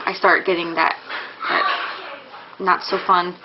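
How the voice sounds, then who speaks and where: A woman's voice: lowish voice, little pitch movement, a little slow, background noise. Young woman, casual vlog chatter, lots of "um" and "like", slightly muffled lo-fi sound. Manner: rambling, many fillers and restarts; candid, a little embarrassed. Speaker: vlogger.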